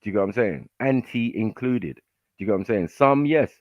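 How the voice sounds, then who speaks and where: A man on a livestream panel, speaking in a measured, hesitant way over an online call. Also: fairly low pitch, animated, no room sound, lo-fi sound.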